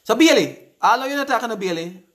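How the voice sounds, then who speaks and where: A man's voice: extremely high pitch, animated, fast talker, fairly bright tone. Chatty Jamaican man hosting a live show. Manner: upbeat, chatty, repeats words, answers comments aloud. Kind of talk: casual live-stream chat, reading viewer comments.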